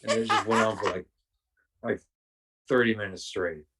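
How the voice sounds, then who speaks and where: A man's voice: fairly low pitch, steady tone, normal speed, far from the mic, heavy background noise. A man, a podcast guest, telling rambling, profane anecdotes casually, with lots of restarts. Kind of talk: casual storytelling.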